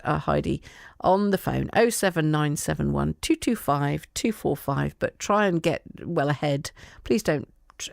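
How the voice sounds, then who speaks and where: Gravelly-voiced playful radio presenter woman. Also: on the low side, no room sound, clean studio sound. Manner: playful, chatty, laughs often. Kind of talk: local radio chat show.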